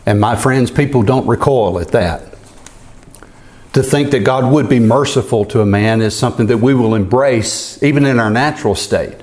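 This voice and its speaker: A man preaching an expository sermon, asking rhetorical questions and answering them himself in a deliberate way. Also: medium pitch, a little mellow, echoey room.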